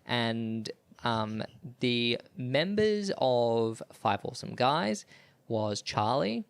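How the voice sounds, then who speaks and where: A man co-hosting a podcast, mixing casual chat with a recap, making wry remarks in quick bursts. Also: mid-range voice, very animated, gravelly, clean tone, dry recording. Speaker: podcast co-host.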